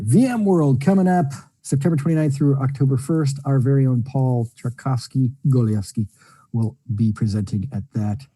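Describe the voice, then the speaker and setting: Male webinar host, casual rambling talker, dark husky tone. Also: medium pitch, animated, normal speed, dry recording. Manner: rambling, jokey, lots of fillers. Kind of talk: casual chat.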